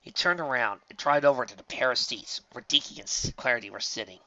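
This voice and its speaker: A man narrating a fan fiction story as an audiobook reader, in steady storytelling. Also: mid-range voice, fast, few pauses, dry recording. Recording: dull lo-fi dry recording.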